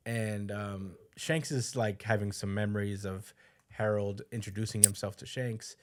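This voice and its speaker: A man co-hosting a podcast, casually recapping a chapter with lots of fillers and quick put-on quotes. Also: lowish voice, steady tone, a little hiss or hum. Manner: loose storytelling with fillers, voices quotes. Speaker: podcast co-host.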